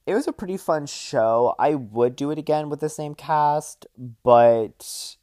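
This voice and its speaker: A man's voice: a little high, unhurried, dark tone. A young man hosting a podcast, telling backstage stories in a casual, rambling way with lots of filler words. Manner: rambling, heavy on fillers like "like" and "you know". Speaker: podcast host.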